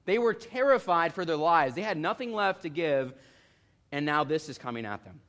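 A young man preaching an expository sermon, telling the story in a lively way and acting out the voices of the people in it. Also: a little high, moderate pace.

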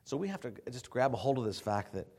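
A man preaching a sermon to his congregation. He shifts between quiet, low passages and loud, emphatic preaching, and often repeats words and restarts phrases. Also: very animated, quick pace, breathy edge.

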